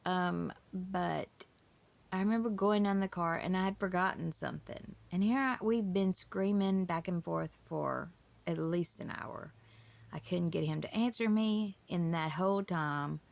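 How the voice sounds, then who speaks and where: A woman's voice: fairly low pitch, unhurried, vocal fry. A woman, telling her family story in a casual, emotional, rambling way. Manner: emotional, rambling with many restarts.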